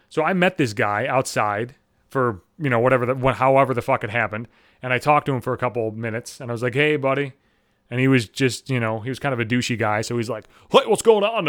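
A man's voice: medium pitch, a bit bright, no echo. Man, stand-up storyteller, swears constantly, exasperated rants, dry close sound. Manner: profane, exasperated storytelling with quoted voices. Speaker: comedian. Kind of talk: stand-up style comedic monologue.

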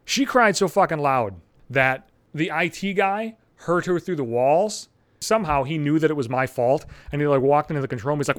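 A young adult man telling stories in a blunt, profane, animated podcast rant. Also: a little high, brisk, no room sound. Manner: blunt, heavy swearing, animated. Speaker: podcast host.

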